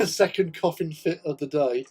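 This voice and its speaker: A man's voice: a little high, husky. A man hosting a casual hobby livestream, chatting while he paints miniatures, joking and laughing often as he greets viewers. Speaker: livestream host.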